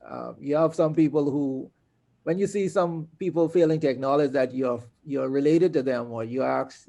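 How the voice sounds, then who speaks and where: A man walks through inheritance law. He speaks in a measured way, often pauses on "um", and breaks into small laughs. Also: medium pitch, vocal fry, warm tone. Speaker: lawyer guest. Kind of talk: explaining property law in a casual chat.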